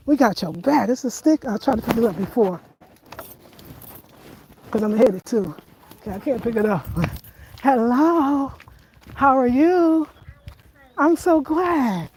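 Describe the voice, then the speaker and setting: A woman's voice: on the high side, expressive, slow, long pauses, darkish tone, a little hiss or hum, poor audio. A woman vlogging as she walks outdoors in the countryside, chatting and laughing with her viewers. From United States. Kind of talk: casual vlog while walking.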